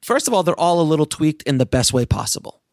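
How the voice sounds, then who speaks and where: A man hosting a casual interview, chatty and quick to laugh, with jokey asides. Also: a little high, very animated, creaky, no echo, studio quality. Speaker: podcast host.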